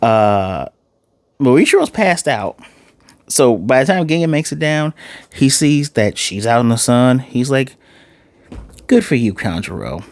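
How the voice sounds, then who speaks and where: A man giving a casual, animated recap and reaction to an anime episode, acting out the characters' lines in quick asides. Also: medium pitch, smooth, dry recording. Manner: loose and chatty, with fillers and self-corrections. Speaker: anime reviewer.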